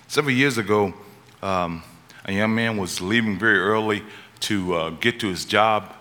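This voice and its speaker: A man preaching a sermon, telling stories and rising to urgent, high-pitched climaxes. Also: normal speed, pushed and bright. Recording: long reverb of a large hall.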